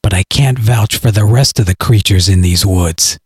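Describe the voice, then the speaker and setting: A man voicing a grim, vengeful man who speaks in a low, clipped and menacing way. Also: normal speed, darkish tone, husky, no echo, clean studio sound. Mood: cold.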